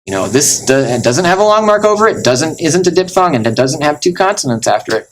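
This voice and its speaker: A man teaching Latin in a recorded lesson, explaining step by step with many fillers and slowing down to spell out words. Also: fairly high pitch, sing-song, fairly bright tone, a little hiss or hum, poor audio.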